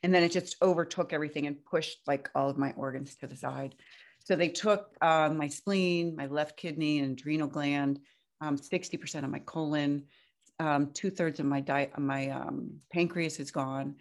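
A woman guest telling a personal story in a casual, animated way, jumping up high when she quotes herself. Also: moderate pace. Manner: animated, breaks into high-pitched quoted outbursts.

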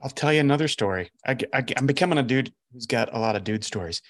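A middle-aged life coach hosting a podcast tells a story in casual conversation, speaking fast in a mid-range voice. He's an animated storyteller who acts out the quoted dialogue.

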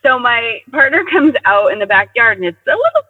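A man with a notably high voice tells personal stories in an animated, casual way, acting out the voices of others as he goes. The sound comes through a tinny, phone-like line with a long, echoing tail and a dry edge. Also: a little fast. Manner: animated, acts out quoted dialogue. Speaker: guest sharing personal stories. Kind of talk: casual conversational storytelling.

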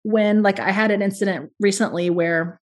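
A woman's voice: mid-range voice, fairly even intonation, normal speed. A woman speaking as a podcast guest, earnest and reflective, talking through her parenting in long flowing thoughts. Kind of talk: podcast interview conversation.

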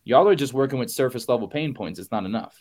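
A man's voice: mid-range voice, expressive, quick pace, darkish tone. A man coaching on goals in a motivational podcast talk, punchy and emphatic, repeating phrases for effect and casually calling listeners y'all. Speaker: business coach guest.

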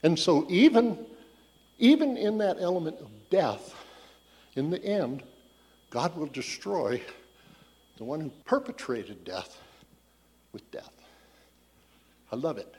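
A man's voice: fairly high pitch, sing-song, takes it slowly, pauses often, a little mellow, slightly rough. A man giving a casual, conversational Bible teaching, telling the story loosely and thinking aloud as he goes. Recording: long hall reverb.

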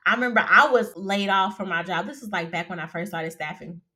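A woman's voice: medium pitch, fairly quick, pushed and bright. A woman hosting a solo career-coaching podcast, talking casually and animatedly, often laughing and asking "right?".

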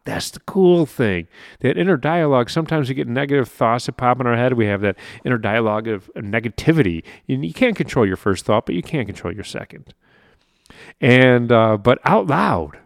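Man, motivational podcast host, upbeat, laughs often, mid pitch, dry close mic. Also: dry recording. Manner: upbeat, animated, laughs often, repeats words. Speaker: podcast host and life coach. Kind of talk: solo motivational podcast monologue.

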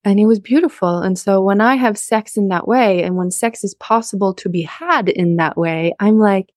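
A woman's voice: medium pitch, normal speed, darkish tone, dry recording, studio quality. A young woman talking candidly and emphatically in a conversation, frank and outspoken. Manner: frank, emphatic, openly explicit.

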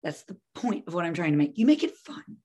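Woman parenting coach, coaching-session talk, animated delivery, slips into little role-plays. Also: lowish voice, fairly quick, breathy edge. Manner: lively, acts out scenarios with voices.

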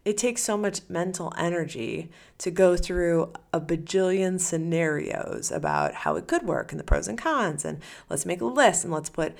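A woman's voice: fairly low pitch, big pitch swings, moderate pace, creaky, few pauses. A woman hosting a solo podcast as a coach, talking casually and animatedly, acting out the listener's inner voice.

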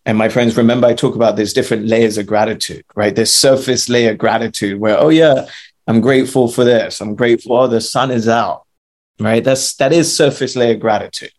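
A man's voice: lowish voice, darkish tone. A man co-hosting a podcast, coaching listeners with rhetorical questions and casual swearing. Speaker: podcast co-host. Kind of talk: motivational talk.

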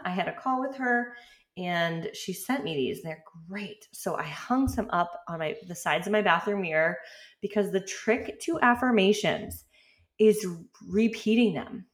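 A woman in her thirties hosting a podcast, talking casually and chattily with frequent fillers and light laughs. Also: on the low side. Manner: chatty, relaxed, lots of "like" and laughs. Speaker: podcast host. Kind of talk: casual solo podcast talk.

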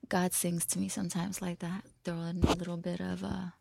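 A woman hosting a podcast, talking in a loose, freestyle monologue that rambles, breaks into laughter often and sometimes drops to a hushed whisper. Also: lowish voice, little pitch movement, brisk, vocal fry, background noise. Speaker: podcast host.

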